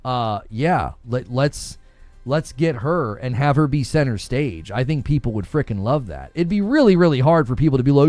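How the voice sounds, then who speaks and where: A man's voice: medium pitch, very animated, normal speed, darkish tone, dry recording, faint music behind. A man hosting a gaming podcast in casual chat, rambling with many fillers and laughing easily. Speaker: gaming news podcast host.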